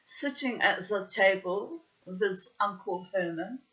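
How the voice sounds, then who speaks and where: A woman's voice: medium pitch, slow pace, fairly bright tone, pitched above the performer's own voice. A woman voicing her own flirtatious, theatrical middle-aged mother in a grand, coy put-on voice. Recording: dull lo-fi recording.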